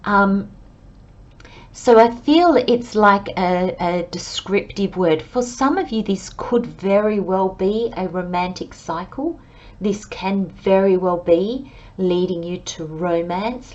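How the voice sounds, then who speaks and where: A woman giving a pick-a-card tarot reading, speaking gently and reflectively and addressing her viewers as friends. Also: fairly low pitch, takes it slowly, lo-fi sound. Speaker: tarot reader.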